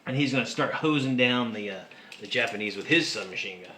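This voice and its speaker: Man, game master, tabletop wargame, counts dice aloud, excitable, roomy echo. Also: medium pitch, fairly quick, slight background noise. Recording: echoey room with music behind.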